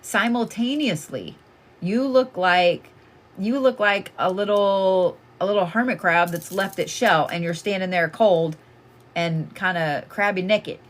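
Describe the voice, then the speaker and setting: A woman's voice: medium pitch, measured pace. A woman giving casual live oracle card readings, blunt and chatty, swearing freely as she talks to callers.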